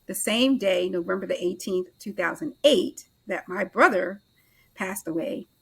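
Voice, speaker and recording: A middle-aged woman, a podcast guest, telling a personal story in an animated way and acting out the dialogue of the people in it. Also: medium pitch, gravelly, slightly rough. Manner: animated storyteller who acts out others' dialogue in quick back-and-forth. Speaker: podcast guest, author and life transitions coach.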